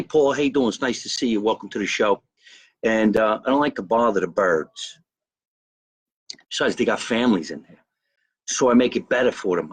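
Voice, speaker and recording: A boastful man talks to his live-stream viewers, drifting from topic to topic and calling out names as he goes. His voice sits fairly low, and the sound is close and dry, with little room around it. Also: no echo. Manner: rambling, boastful, greets viewers by name. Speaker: host of a live comedy show. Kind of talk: live-stream comedy monologue. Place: backyard by a grill and pool, outdoors.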